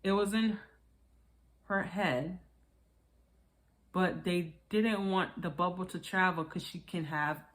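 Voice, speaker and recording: A woman giving casual commentary on a reality show, chatty and animated, acting out quotes in high voices and often laughing. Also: slow, pauses often. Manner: frequent laughter. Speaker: reality TV reviewer.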